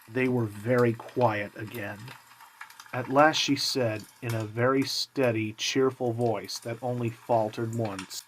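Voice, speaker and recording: Calm male reader of a classic novel. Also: mid-range voice, slow pace, slight background noise, rough recording. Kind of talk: reading a classic novel aloud.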